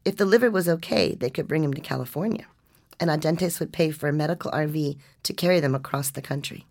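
Low, gravelly woman narrating. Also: quick pace, a little mellow. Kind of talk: scripted narration of nonfiction.

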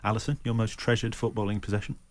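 A man hosting a casual football podcast, chipping in with quick reactions and clarifying recaps. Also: fairly low pitch, flat delivery, darkish tone. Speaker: podcast host. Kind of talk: casual sports podcast chat.

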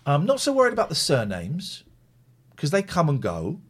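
A man's voice: a little high, huge pitch swings, moderate pace, breathy edge. A man from the United Kingdom hosting a live stream show in casual, rambling, blunt chat. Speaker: show host.

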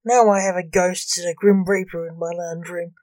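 A woman's voice: lowish voice, fairly even intonation, moderate pace, dry recording, clean studio sound, close to an everyday voice. A woman voicing an irritable grown necromancer who speaks coldly and darkly. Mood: exasperated. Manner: cold, dark and hissing.

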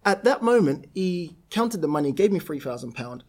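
A man's voice: sits high, sing-song, moderate pace, a little mellow. A man, a property entrepreneur, telling anecdotes in a casual interview and laughing through them. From South-East London, England.

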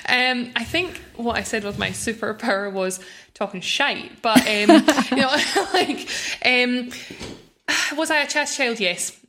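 Glaswegian woman, young, quick chatty podcast guest who laughs easily. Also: fairly high pitch, a bit bright. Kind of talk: casual chat.

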